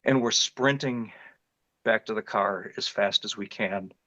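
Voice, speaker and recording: A man's voice: fairly low pitch, measured pace, bright, forceful tone, no room sound, highs cut off. A middle-aged man from northeast Ohio, an interview guest earnestly recounting a frightening encounter in vivid detail, often restarting his phrases. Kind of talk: personal storytelling in an interview.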